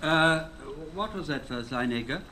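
Hesitant actor, amiable, bright voice, radio play. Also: male voice, on the high side, lively intonation, unhurried, a little hiss or hum, poor audio. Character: easygoing male actor, unsure of his lines. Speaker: actor in the rehearsal.

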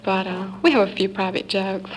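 Southern-accented woman, interviewee, steady even voice over light tape hiss. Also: medium pitch, normal speed, rough recording. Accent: Southern American. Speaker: secretary to astronauts. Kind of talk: interview answers.

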